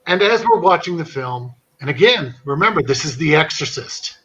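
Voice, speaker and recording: A man's voice: on the high side, moderate pace, breathy edge, highs cut off. A man telling a long funny anecdote in a casual chat, often breaking into laughter as he recounts it. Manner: animated anecdote teller, laughing through his story. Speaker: podcast host. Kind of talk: casual storytelling.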